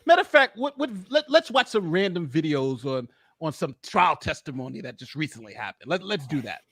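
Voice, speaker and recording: A man's voice: on the high side, sing-song, fairly quick, fairly bright tone, dry recording, studio quality. A man co-hosting a live stream, joking and laughing a lot, swearing freely and restarting his sentences. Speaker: podcast co-host.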